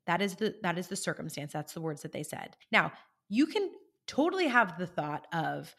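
Woman podcast host, coachy and chatty, animated storytelling, asks listeners if it makes sense. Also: fairly low pitch, moderate pace. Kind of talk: conversational coaching monologue.

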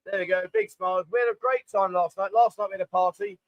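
High-voiced man hosting a rambling livestream. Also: fairly even intonation, quick pace, dry recording, low-quality recording. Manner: rambling, jokey, reads out viewer comments. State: hungover. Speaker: livestream host. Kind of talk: casual chat. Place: bar, indoors, construction banging nearby. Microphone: microphone.

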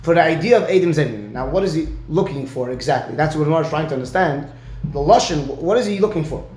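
A man's voice: fairly high pitch, lively intonation, quick pace, a little mellow, slight background noise. Man teaching Talmud in an echoey room. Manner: explains step by step, checks in with "right?". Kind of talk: one-on-one Talmud lesson.

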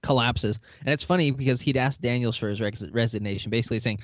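Medium in pitch, this podcast host talks quickly and hardly pauses as he runs through a TV episode. He acts out the characters' dialogue and laughs along in a lively, casual recap. No room sound is audible.

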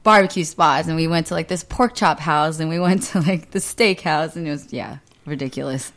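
Lively woman co-hosting a podcast. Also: low voice, normal speed. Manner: lively, loud, laughs easily. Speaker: podcast co-host. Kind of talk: casual podcast chat.

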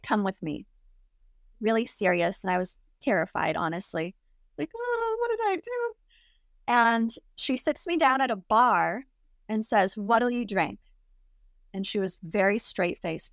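A woman guest telling a story in a casual, lively way. She laughs often and acts out the people she quotes. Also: mid-range voice, dry recording, studio quality. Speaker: interview guest.

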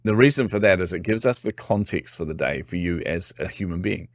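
Kiwi-accented man with a low voice. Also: brisk, no echo, clean studio sound. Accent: New Zealand. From New Zealand. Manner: animated storyteller, acts out quotes, laughs often. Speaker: guest. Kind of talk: casual interview chat.

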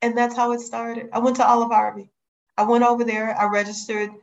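A middle-aged woman from Chicago, a guest telling her life story in a lively, animated way. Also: a little high, fairly quick, vocal fry. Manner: lively, animated retelling with acted quotes. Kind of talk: storytelling interview. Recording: dull lo-fi sound.

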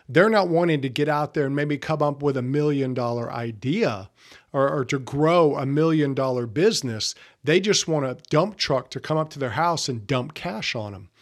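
A man's voice: on the high side, normal speed. A middle-aged man giving a plain-spoken, earnest teaching talk to men. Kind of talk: scripted teaching monologue.

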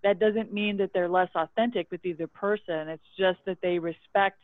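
A guest who works as a public relations consultant, talking in a measured way and explaining with examples. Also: female voice, fairly low pitch, fairly even intonation, dry recording. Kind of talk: casual conversation. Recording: dry tinny phone-like line.

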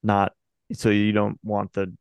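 A man's voice: fairly low pitch, monotone, a little slow, darkish tone, clear, resonant tone, no echo. A young man co-hosting a podcast, chatting casually and joking while reading out listener emails. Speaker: podcast co-host.

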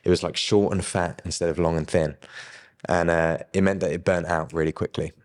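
A young man casually telling his personal faith story, with lively quoted dialogue and chuckles. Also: low voice, brisk, in a large hall. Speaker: guest sharing his faith testimony.

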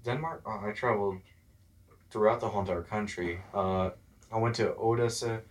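Guest spot: young man from Texas, lowish voice, lively storyteller who does the voices in his anecdotes. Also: moderate pace. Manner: animated storyteller, acts out quoted voices. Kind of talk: casual interview chat.

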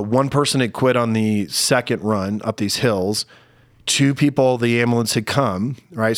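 A middle-aged man telling a personal story in conversation, candid and halting, at times close to tears. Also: mid-range voice, no echo. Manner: candid, halting, gets emotional. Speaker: podcast guest.

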